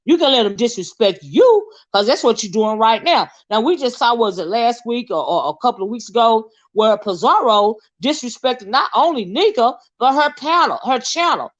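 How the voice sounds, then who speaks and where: A middle-aged woman with a Southern American drawl, talking straight into the camera in an unscripted commentary. Her voice sits a little high, and she is blunt and combative, tossing in "right?" after her points. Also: animated, normal speed, hardly any pauses, lo-fi sound. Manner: blunt and confrontational, with frequent "right?" tag questions. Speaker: online commentary host.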